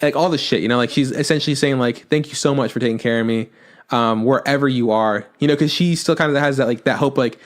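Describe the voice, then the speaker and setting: A man co-hosting a podcast, recapping an anime in casual chat, animated, swearing freely and acting out the characters' lines. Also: mid-range voice, quick pace. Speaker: podcast co-host. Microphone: podcast microphone.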